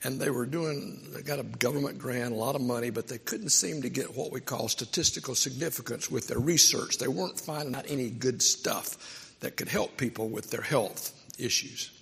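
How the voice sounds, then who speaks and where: A man's voice: mid-range voice, moderate pace, vocal fry, a bit bright, slightly rough, in a large hall. A man preaching a sermon, telling stories in a conversational, emphatic way. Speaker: pastor.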